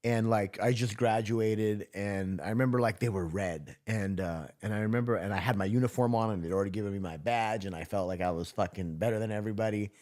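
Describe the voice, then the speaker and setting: Low-voiced man telling a loose, profane story. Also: a little fast, few pauses, a little mellow. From Southern California. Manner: loose, profane, heavy on filler words. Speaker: podcast guest, former correctional officer. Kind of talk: casual storytelling interview.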